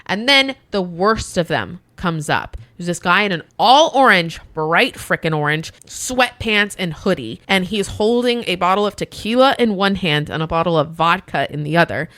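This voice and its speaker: A woman's voice: on the low side, normal speed, hardly any pauses, dry recording. A woman co-hosting a podcast, telling a work story in casual chat and acting out both sides of the exchange. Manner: animated, acts out both sides of her stories. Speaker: podcast co-host.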